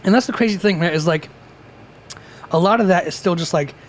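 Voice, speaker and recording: A man's voice: high voice, a little fast, a little hiss or hum. A young man co-hosting a casual podcast, telling stories with plenty of swearing and laughter. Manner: animated, profane storytelling with frequent laughs. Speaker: podcast co-host. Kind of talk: casual chat.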